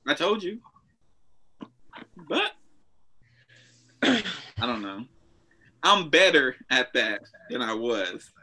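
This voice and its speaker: A young man co-hosting a podcast, talking in a blunt, animated way and swearing freely. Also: medium pitch, slow, pauses often. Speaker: podcast co-host. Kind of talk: casual chat.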